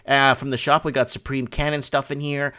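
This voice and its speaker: A man hosting a casual livestream from a home studio, talking through chat messages in an excitable, rambling way. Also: mid-range voice, a little fast. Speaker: livestream host.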